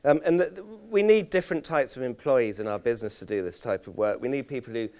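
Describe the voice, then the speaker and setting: A man leading a conference workshop, talking in a halting way with repeated words and self-deprecating stories. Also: mid-range voice, darkish tone, smooth. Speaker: workshop presenter. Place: conference room.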